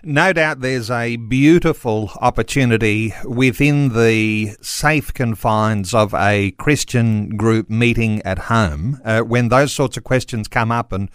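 A man hosting a live radio interview, speaking in a measured way with frequent pauses. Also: mid-range voice, clear, resonant tone, no room sound, studio quality. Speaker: radio host.

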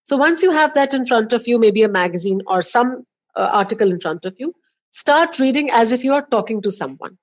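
An Indian-accented woman speaks as a guest coach on a podcast, her voice sitting a touch high. She lays out advice in an instructive, emphatic way, stressing key words and walking through examples. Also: lively intonation, fairly quick, dull audio.

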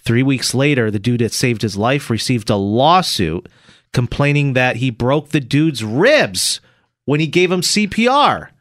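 A man hosting a morning radio show, telling stories and teasing his co-host in animated banter. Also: medium pitch, measured pace, no echo, studio quality.

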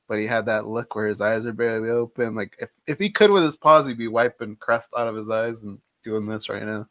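A man's voice: on the low side, fairly quick, no room sound. A man co-hosting a casual sports talk show from a home studio, easygoing and conversational with frequent fillers. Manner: relaxed, conversational, many fillers. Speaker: co-host.

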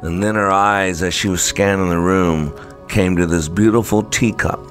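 A man telling a story in a low, measured and unhurried way. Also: steady tone, fairly bright tone, faint music behind. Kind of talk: spoken storytelling.

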